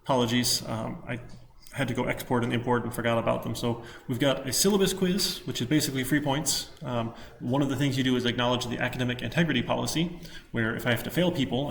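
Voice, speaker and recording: A male college instructor giving a casual classroom lecture, relaxed and rambling with many ums while he works on his laptop. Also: medium pitch, vocal fry, slight background noise.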